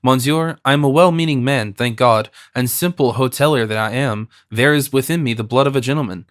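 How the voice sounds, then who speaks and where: A man's voice: mid-range voice, a little fast, a bit bright, dry recording, clean studio sound, natural voice. A man doing a fawning, rambling innkeeper. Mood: deferential. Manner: deferential, rambling, ingratiating. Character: fawning middle-aged male innkeeper, anxious and wordy.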